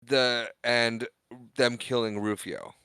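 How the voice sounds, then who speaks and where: A podcast co-host giving his opinions on a film in a measured, somewhat hesitant way. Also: medium pitch, little pitch movement, pushed and bright, clean tone, no echo. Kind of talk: casual film review.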